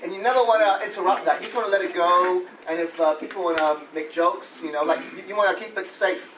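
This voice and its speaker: A man's voice: high-pitched, quick pace, a bit bright. A man leading a laughter club workshop in a playful way, breaking into laughs as he shows the exercises to a room full of people. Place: conference room with an audience. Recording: echoey room, mic far off, audience noise.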